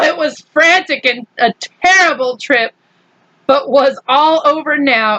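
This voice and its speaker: Woman reader for a kids' storybook, high bright voice, slow and playful, dry dull sound. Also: no room sound. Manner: animated, playful, laughs often, acts out shouts. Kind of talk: reading a children's book aloud with asides.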